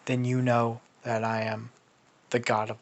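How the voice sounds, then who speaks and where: Awkward middle-aged god father done by a man, gruff, mumbled, slow, mid-pitched. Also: completely flat delivery, lightly acted. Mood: matter-of-fact.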